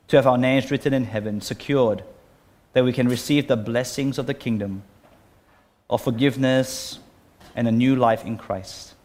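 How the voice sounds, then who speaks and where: An earnest man gives a sermon and then leads a prayer, with a voice of middling pitch. He often pauses and restarts his phrases as he speaks. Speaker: preacher.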